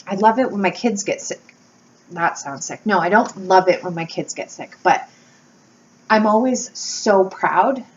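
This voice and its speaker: A woman, chatting candidly to camera from home as a YouTuber, telling stories with lively energy and casual swearing. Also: mid-range voice. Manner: candid, animated storytelling with swearing and laughs. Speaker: wax-melt YouTuber and blogger. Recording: slightly dull home recording with faint background noise.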